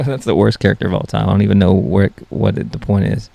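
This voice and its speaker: A man's voice: fairly low pitch, fairly even intonation, fast talker, vocal fry, hardly any pauses, warm tone, no room sound. A young man hosting a solo comedy podcast, rambling and mocking himself as he jokes. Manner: rambling, self-mocking, jokey. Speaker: podcast host.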